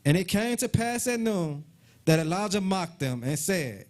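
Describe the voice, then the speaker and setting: A man's voice: sits high, big pitch swings, normal speed, darkish tone. A man reading Bible verses aloud at a live study, calling out verse numbers. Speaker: scripture reader.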